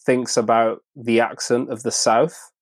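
A man's voice: mid-range voice, level tone, a little slow, no echo. A man from Birmingham, England, with a Birmingham accent, chatting casually on a cooking show. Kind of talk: casual chat.

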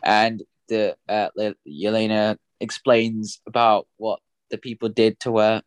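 A man's voice: fairly low pitch, fairly even intonation, measured pace, no room sound. A man co-hosting a podcast, chatting casually about a film, often stammering and repeating words as he talks. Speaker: podcast co-host. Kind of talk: casual film review chat.

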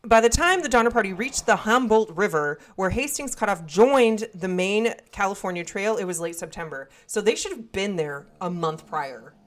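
A woman's voice: mid-range voice, expressive, normal speed, hardly any pauses. A woman co-hosting a casual podcast, reading history notes aloud and explaining them in a loose, swearing, chatty way. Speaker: podcast co-host.

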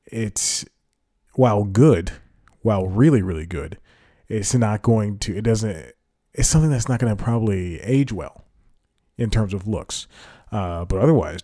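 Guy doing a chill solo podcast, lowish warm voice, kinda rambly, dry close mic. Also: moderate pace, no room sound. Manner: rambling, self-correcting, laughs at himself. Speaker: podcast host. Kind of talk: casual solo podcast talk.

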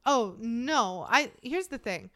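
A young woman co-hosts a podcast in a blunt, animated chat and swears freely. Her voice is smooth and resonant, recorded close and dry. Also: on the high side, slow pace, dry recording. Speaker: podcast co-host. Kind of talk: casual chat.

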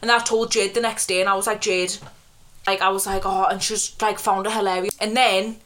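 A woman's voice: mid-range voice, flat delivery, brisk, fairly bright tone. A young woman, chatting and telling stories as a podcast co-host, often giggling. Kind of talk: casual chat.

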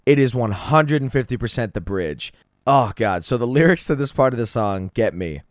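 A man's voice: mid-range voice, expressive, moderate pace, no echo, studio quality. A man hosting a solo podcast, talking casually and enthusiastically about songs he loves, rambling and swearing freely. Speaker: podcast host. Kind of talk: casual solo music review.

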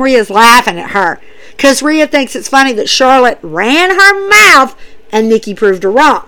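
A woman's voice: high voice, expressive, a little slow, sharp tone, clear, resonant tone, low-quality recording. A young woman enthusiastically retelling wrestling events in a casual, chatty recap.

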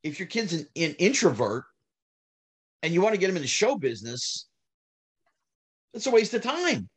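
A middle-aged man, telling stories in a casual interview, animated, climbing high when heated and trailing off low. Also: normal speed, husky. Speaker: guest, former child actor.

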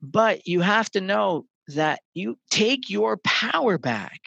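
A man chatting on a podcast, animated, telling stories that carry life advice. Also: high voice, slow, gravelly, lo-fi sound, heavy background noise. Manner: animated storyteller, swears casually. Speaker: podcast guest. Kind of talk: casual conversation.

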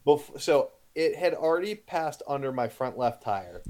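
A man's voice: medium pitch, expressive, a little slow, dark tone. A man co-hosting a podcast, telling a story in casual chat with lots of swearing and bragging. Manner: profane, boastful storytelling.

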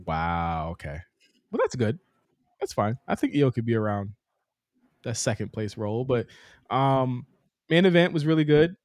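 A man's voice: mid-range voice, big pitch swings, normal speed, pauses often, a little mellow, no room sound, studio quality. A man co-hosting a podcast, talking enthusiastically and swearing freely in casual chat. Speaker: podcast co-host.

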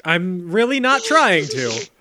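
A man's voice: high-pitched, sing-song, slow, bright, forceful tone. A man co-hosting a podcast, recapping a movie's plot in wry, laid-back casual chat. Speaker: podcast co-host.

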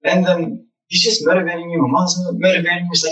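A young man telling lively stories about his childhood as a guest in a casual interview. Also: sits high, quick pace, distant mic, low-quality recording. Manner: animated, acts out childhood memories.

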